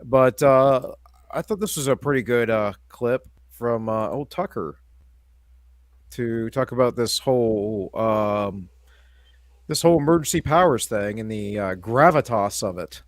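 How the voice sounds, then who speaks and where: A male podcast host speaks at a middle pitch in casual commentary. He hesitates often and fills gaps with ums, and the recording is dry and close. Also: unhurried, no echo. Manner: hesitant, many ums and uhs.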